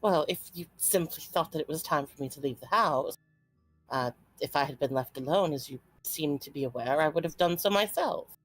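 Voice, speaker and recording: A woman voicing a reserved, formal young noblewoman who speaks in a measured, dry way. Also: low-pitched, faint music behind.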